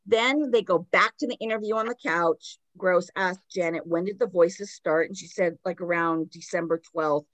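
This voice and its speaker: Lower-voiced woman telling a story casually. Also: moderate pace, hardly any pauses, fairly bright tone, dry recording. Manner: retells a story loosely, with many "like" fillers.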